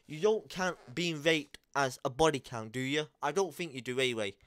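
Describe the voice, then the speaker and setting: A man's voice: a little high, moderate pace, fairly bright tone. A young man, talking straight to camera in a heated, blunt rant full of swearing and repeated phrases. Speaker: vlogger. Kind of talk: angry confessional rant to camera.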